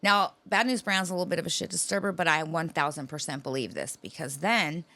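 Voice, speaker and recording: Gravelly, low-voiced woman podcaster. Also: brisk, pushed and bright, no echo. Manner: profane, rambling storyteller. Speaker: podcast co-host. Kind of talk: casual chat.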